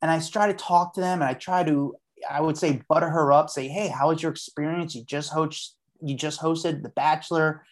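A man's voice: a little high, steady tone, moderate pace. A man as a podcast guest, a street journalist telling a story in a chatty way and acting out what he said at the time. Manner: chatty, acts out his own past lines. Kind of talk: casual storytelling.

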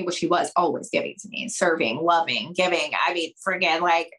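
Animated woman giving emphatic dating advice. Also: fast, few pauses, rough recording. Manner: emphatic, talks straight to listeners as "girls" and "you guys"; animated, acts out dialogue with big pitch jumps. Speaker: podcast guest, dating coach. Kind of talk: conversational podcast advice.

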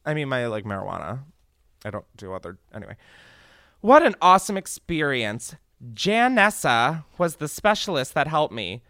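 A young man hosting a comedy podcast, reading reviews aloud with sarcastic, swearing commentary. His pitch leaps around constantly, and his tone is bright and sharp. The sound is dry and close. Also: normal speed, dry recording. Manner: animated, sarcastic, swearing, laughing often. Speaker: podcast host.

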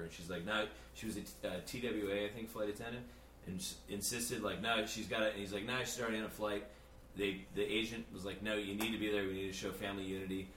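A comedian guest, a man, telling a halting anecdote with lots of fillers in a casual chat. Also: lowish voice, fairly bright tone. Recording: distant echoey room with faint noise.

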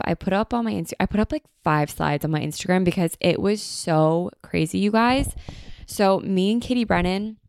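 A young American woman hosts a casual podcast and gushes through her stories in a chatty way. Her voice sits low for a woman and carries a gravelly fry, yet it stays smooth and resonant, and the recording is close and dry. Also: darkish tone, no echo. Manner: gushing and chatty, filled with "like". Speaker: podcast host. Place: home in a beach town at sunset.

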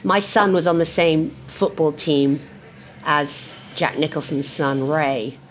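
An older woman from England, telling lively anecdotes and acting out voices over lunch in a restaurant. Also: deep voice, takes it slowly, a little hiss or hum. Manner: lively storyteller who acts out voices. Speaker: guest. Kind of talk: casual chat.

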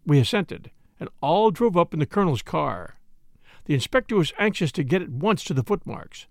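A man reading a classic mystery novel aloud in measured, scripted narration. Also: a little high, sing-song, gravelly, dry recording, studio quality. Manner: measured storytelling. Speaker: audiobook narrator.

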